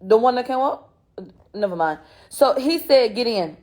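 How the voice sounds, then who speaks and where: A woman from Houston, Texas hosts a show recapping courtroom testimony from a trial, offering blunt, profane, sarcastic commentary in a casual way. Her voice is on the high side and a little mellow, with lively intonation and normal speed.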